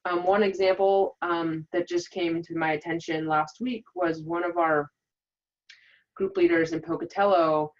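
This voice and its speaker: A woman's voice: on the low side, steady tone, unhurried, muffled recording. A woman, a regional coordinator, gives an earnest, upbeat webinar presentation with many filler ums.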